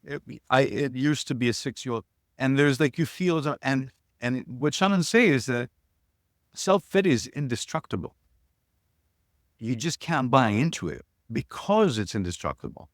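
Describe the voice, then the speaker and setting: A man's voice: mid-range voice, animated, moderate pace, no room sound, studio quality. A man in his sixties telling personal stories as an interview guest, earnest and reflective, often restarting his sentences. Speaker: guest, shamanism teacher.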